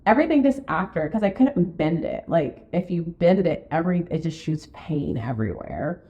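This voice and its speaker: A woman co-hosting a podcast in casual chat, telling stories full of fillers and acting out her own quotes in a high voice. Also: very animated, normal speed. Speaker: podcast co-host, real estate marketing and sales director. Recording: dull lo-fi podcast recording.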